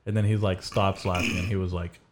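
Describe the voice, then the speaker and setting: A low-pitched man hosts a casual podcast chat. He rambles through crude anecdotes and leans on fillers as he goes. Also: little pitch movement, brisk. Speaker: podcast host.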